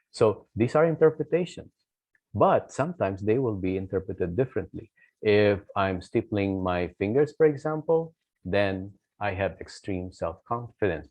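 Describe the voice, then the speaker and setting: A man's voice: fairly low pitch, darkish tone, dry recording. A man giving a recorded lecture, explaining step by step and checking in often with "okay?". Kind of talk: recorded lecture on office communication.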